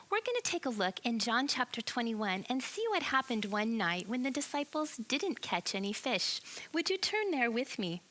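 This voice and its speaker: Bright, lively woman telling a kids' Bible story. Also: a little high. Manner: animated, expressive storytelling with questions to listeners. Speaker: children's ministry teacher. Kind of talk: storytelling Bible lesson for kids.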